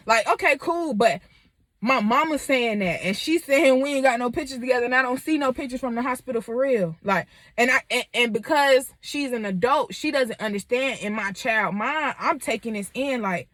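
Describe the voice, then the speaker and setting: A woman in her twenties telling a personal story in a candid, animated way. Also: a little high, moderate pace, no echo. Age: 20s. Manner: candid and animated, lots of fillers. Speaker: vlogger.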